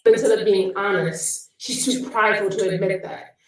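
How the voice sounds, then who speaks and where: A woman's voice: mid-range voice, steady tone, normal speed. Woman vlogger, hesitant and rambling, distant echoey sound. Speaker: YouTuber in a played clip. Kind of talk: casual vlog commentary.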